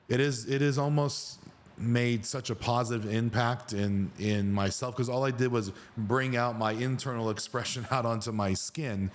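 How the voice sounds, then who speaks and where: Earnest male podcast host chatting. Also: medium pitch. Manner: earnest, enthusiastic talker. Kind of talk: casual conversation.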